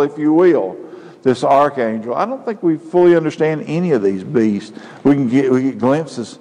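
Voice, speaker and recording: A male pastor preaching a sermon, building to loud emphatic peaks. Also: mid-range voice, animated, moderate pace. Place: church sanctuary. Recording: church hall with long reverb.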